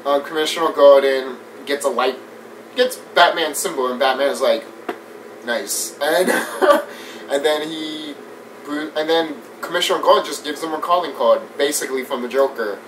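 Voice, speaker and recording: A man giving a casual, animated movie review rant. He swears often, laughs a lot and mimics scenes as he talks. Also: fairly high pitch, moderate pace. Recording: distant mic with faint background noise.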